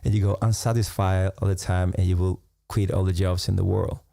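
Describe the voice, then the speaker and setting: Low gravelly man, musing meditation talk. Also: little pitch movement, dry recording. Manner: unhurried, musing, laughs softly between thoughts. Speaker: meditation teacher. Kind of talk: reflective live-stream talk.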